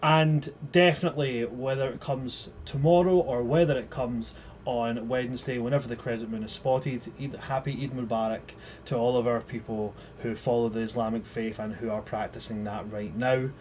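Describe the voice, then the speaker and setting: A man's voice: mid-range voice, steady tone, normal speed, a little mellow, a little hiss or hum. A man as game master, closing a tabletop livestream and plugging the socials in a chatty, upbeat way.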